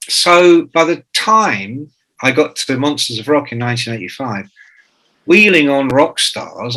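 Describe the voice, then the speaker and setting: Male guest in his 60s, swears freely, acts out quotes, bright crisp tone; fits an interview guest. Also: medium pitch, rough recording. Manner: profane, jokey storyteller who acts out quotes. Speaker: author and guest. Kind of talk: anecdotal interview talk.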